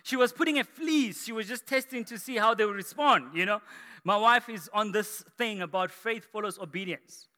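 A man preaching a sermon as pastor to his church, energetic and rising to shouts, from South Africa. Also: high-pitched, moderate pace. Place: large church hall. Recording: echoey church hall.

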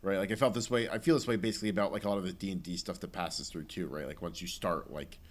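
A man's voice: low-pitched, steady tone, fast. A man co-hosting a casual games podcast, thinking aloud in a wry, hedging way. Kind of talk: casual chat about video games.

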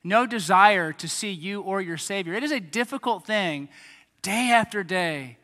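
A man preaching a sermon to a young congregation, animated and speaking straight to them. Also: high voice, moderate pace, in a large hall. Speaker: pastor.

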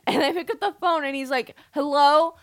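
A young woman radio DJ telling a story in casual chat, animated and giggly. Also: sits high, quick pace, creaky, no room sound. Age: young adult.

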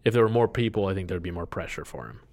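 A man's voice: sits low, expressive, rapid-fire, a little mellow. A man playing a tabletop role-playing game, thinking aloud and explaining his character's choices with hesitant restarts. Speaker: player. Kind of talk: casual tabletop game talk.

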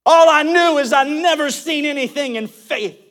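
High-voiced passionate male pastor. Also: moderate pace, a bit bright, some chatter behind. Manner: passionate, emphatic preaching with audience call-and-response. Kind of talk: live church sermon. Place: church.

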